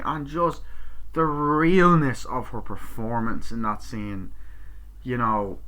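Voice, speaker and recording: Very bright-voiced casual male film reviewer. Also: mid-range voice, takes it slowly, poor audio. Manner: rambling, profane, excitable. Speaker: movie reviewer.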